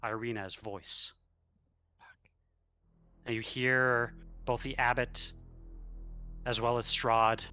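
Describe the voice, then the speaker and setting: Male dungeon master, slow halting narration, bright tone, muffled lo-fi sound. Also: mid-range voice, level tone, clear, resonant tone, soft background music. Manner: halting, searches for words. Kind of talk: narrating a tabletop game.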